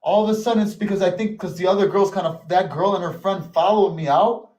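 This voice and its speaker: A man's voice: sits high, fast, recorded from a distance. A man from the United States, a podcast guest, telling stories casually and acting out what other people said. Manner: animated, acts out other people's lines in quotes. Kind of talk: casual storytelling. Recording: echoey room.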